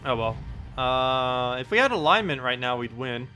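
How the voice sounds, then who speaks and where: A man's voice: mid-range voice, lively intonation, normal speed, bright, forceful tone, soft background music. A man live-streaming a game in casual chat, reading out viewers' messages and laughing often as he talks. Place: home in South Carolina.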